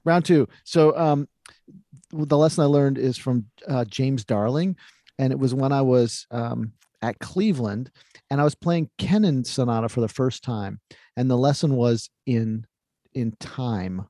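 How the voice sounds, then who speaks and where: A man co-hosting a podcast, telling a story in relaxed casual chat. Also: mid-range voice, a little slow, no echo, studio quality. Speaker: co-host.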